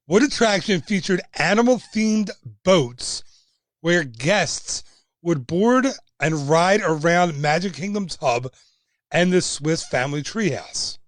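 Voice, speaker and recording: A man's voice: on the high side, dry recording, clean studio sound. A young man hosting a casual livestream trivia game, chatty and jokey as he reads out viewer answers. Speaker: trivia host.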